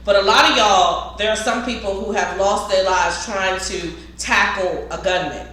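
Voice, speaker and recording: A woman's voice: medium pitch, normal speed, fairly bright tone. Direct-speaking woman trainer, recorded in a very reverberant room. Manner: emphatic, direct, talks to viewers as y'all. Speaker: security trainer. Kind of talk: casual instructional talk. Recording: very echoey room, faint noise.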